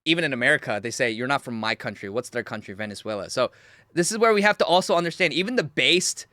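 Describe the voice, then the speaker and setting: A young man hosts a livestream, reacting to clips and talking straight to his chat. His voice is high and bright and swings widely in pitch. The sound is dry and close to the mic. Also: quick pace, no echo. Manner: animated and mocking, talks to chat, laughs often. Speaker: livestream host.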